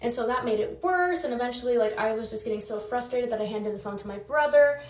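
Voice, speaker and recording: A woman's voice: on the high side, quick pace, roomy sound, a little hiss or hum. A young woman telling a long, exasperated storytime while doing her nails, chatty and rambling. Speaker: content creator.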